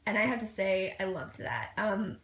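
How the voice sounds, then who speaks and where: A woman's voice: medium pitch, sing-song, normal speed, roomy sound. A woman giving a casual, gushing fan review, full of fillers and restarts, often breaking into laughter.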